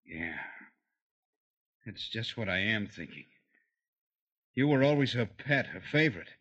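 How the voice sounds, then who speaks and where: An actor playing a stern, weary older brother in a 1950s radio drama, scolding and blunt. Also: male voice, on the low side, expressive, measured pace, fairly bright tone, slightly rough, dull audio, exaggerated voice. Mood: bitter.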